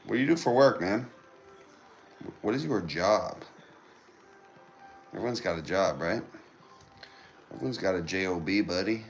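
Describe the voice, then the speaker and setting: A man's voice: sits low, lively intonation, measured pace, long pauses, soft background music. A young man hosts a casual livestream from home. He reads viewer comments aloud, banters with them and often repeats his phrases. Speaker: livestream host. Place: indoors at home with a TV on.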